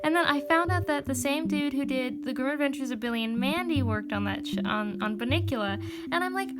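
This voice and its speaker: High-voiced woman rambling while crafting. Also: a little fast. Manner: rambling, heavy use of "like" and "um"; animated, swears casually. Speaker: crafting vlogger. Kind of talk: casual chat while working. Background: background music.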